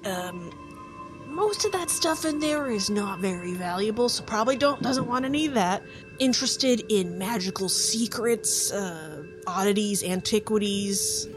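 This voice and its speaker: A woman's voice: medium pitch, lively intonation, unhurried, lightly acted. A woman voicing a scatterbrained male djinn father, flustered and rambling, over background music.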